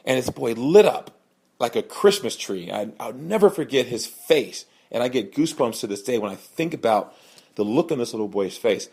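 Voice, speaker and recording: A young man hosting a podcast, telling a personal story in an earnest, animated way and voicing the people in it. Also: moderate pace, slightly rough. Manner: earnest, animated, acts out quoted voices with raised pitch. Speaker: podcast host, sales speaker.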